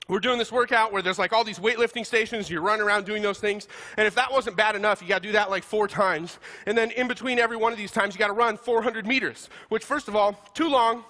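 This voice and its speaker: A man preaching a humorous sermon, telling self-deprecating stories in an animated way and laughing as he talks. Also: high-pitched, fast talker, few pauses. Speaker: pastor.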